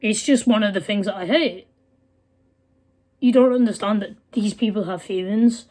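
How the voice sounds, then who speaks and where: Teen girl ranting on her vlog, swears loads, kinda high but mellow voice. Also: unhurried. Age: late teens. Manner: heated, blunt, swears often. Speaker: vlogger. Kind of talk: angry profane rant.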